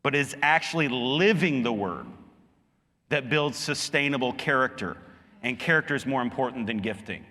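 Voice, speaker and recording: A man delivers an earnest sermon in a bright, forceful voice. He presses his points by pushing higher and louder. The sound carries a long reverb, as in a big hall. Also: moderate pace. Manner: earnest preaching, rising emphatically on key points. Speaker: pastor.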